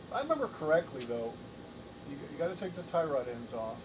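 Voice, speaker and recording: A man hosting a casual live stream, thinking aloud in halting, repeated phrases. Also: sing-song. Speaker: livestream host. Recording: distant mic, noisy air conditioning rumble.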